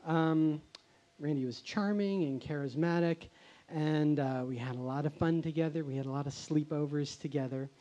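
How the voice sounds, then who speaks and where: A man telling a personal story live on stage as a show host, measured and hesitant. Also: a little high, warm tone, highs cut off. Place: stage before a live audience.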